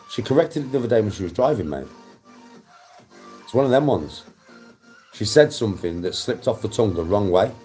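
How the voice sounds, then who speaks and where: A man's voice: lowish voice, a little mellow. A young man, chatting on a livestream, blunt and defensive, swearing often. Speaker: livestream host. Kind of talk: casual livestream chat.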